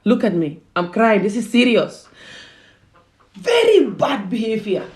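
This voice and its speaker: A woman's voice: a little high, big pitch swings, unhurried. A woman from Gambia ranting heatedly and emphatically in a self-filmed commentary video. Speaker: vlogger.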